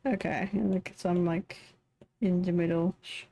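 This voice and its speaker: A woman's voice: on the low side, fairly even intonation, a little slow, vocal fry, warm tone. A tired woman streaming live, mumbling to herself as she draws. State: tired, yawning. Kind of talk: casual live-stream commentary while drawing.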